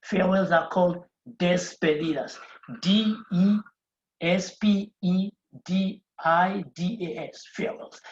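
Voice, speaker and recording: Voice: medium pitch, fairly even intonation, takes it slowly. A Spanish teacher giving a beginner lesson at a board. They explain step by step, repeat phrases and spell words out letter by letter. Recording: roomy, dull lo-fi sound.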